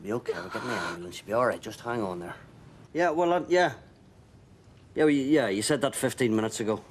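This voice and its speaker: An actor playing a blustering, hot-tempered husband and father in a TV soap, talking with emphatic, lively delivery. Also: medium pitch, fast, slight background noise, close to an everyday voice. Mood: reassuring. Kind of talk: TV soap acting.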